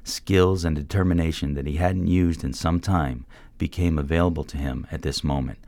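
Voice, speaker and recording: A man narrating a story in a steady, measured reading voice. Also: extremely low pitch, dry recording. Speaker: audiobook narrator. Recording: dry close-mic recording.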